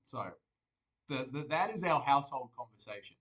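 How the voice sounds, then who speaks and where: A man's voice: a little high, sing-song, slow, long pauses, a bit bright, rough recording. An Australian man streaming live, joking, rambling and swearing as he reads viewer comments aloud. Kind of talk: casual livestream chat.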